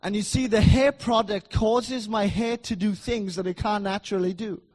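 A middle-aged man preaching a sermon in a church, emphatic and repetitive, swinging between loud declarations and soft asides. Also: sits high, fairly even intonation, normal speed.

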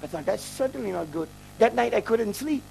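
A man's voice: extremely high pitch, expressive, fairly quick, gravelly, darkish tone, slight background noise, rough recording. A middle-aged man from Malaysia, a traveling preacher telling a testimony in his sermon. He jokes and mocks himself. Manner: joking, self-mocking storyteller who laughs at his own lines.

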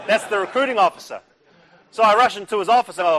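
A middle-aged man preaches at a Christian breakfast, sharing his own story. His voice sits a little high for a man, and he keeps the telling lively and humorous, acting out each person he quotes. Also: quick pace. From New Zealand. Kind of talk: testimony sermon with storytelling.

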